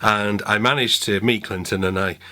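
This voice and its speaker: A man's voice: fairly low pitch, fairly even intonation, normal speed, sharp tone. A man telling stories in a chatty, joking way for his vlog. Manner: chatty, jokey. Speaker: vlogger and saxophonist. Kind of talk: casual vlog storytelling. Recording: outdoor street and traffic noise.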